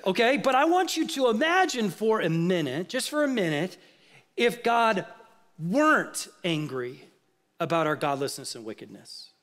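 A man preaching a sermon, pressing the audience with rhetorical questions and swinging from emphatic outbursts to low, quiet asides. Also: very animated, normal speed. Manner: rhetorical questions, rising to emphatic outrage then dropping low. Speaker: pastor.

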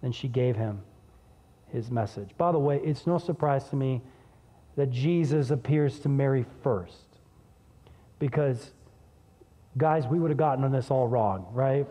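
A man preaching a sermon as pastor, conversational and energetic, dropping low and soft when reading scripture. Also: measured pace, long pauses, in a large hall.

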